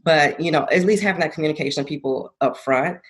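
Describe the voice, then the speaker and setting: A woman's voice: deep voice, quick pace. Earnest young woman, reflective interview guest. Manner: reflective, earnest, laughs easily. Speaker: guest, former college athlete turned entrepreneur. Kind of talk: conversational interview.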